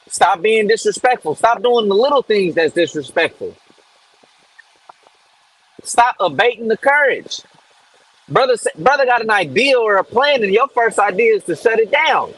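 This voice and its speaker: A man's voice: high voice, lively intonation, normal speed, pauses often, a bit bright, rough recording. A man giving a blunt, streetwise Bible talk with a Southern US accent, repeating phrases as he teaches. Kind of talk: informal preaching talk.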